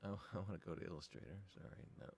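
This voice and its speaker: A man's voice: deep voice, rapid-fire, darkish tone, slight background noise. A man teaching design, talking through files on a screen capture in a casual, thinking-aloud way with many ums. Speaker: design instructor.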